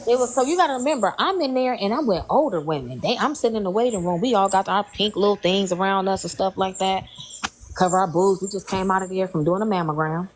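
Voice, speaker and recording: A woman's voice: medium pitch, fast, slight background noise, rough recording. A woman in her late thirties telling a personal story in casual chat, candid and colloquial, with strong feeling. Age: 30s.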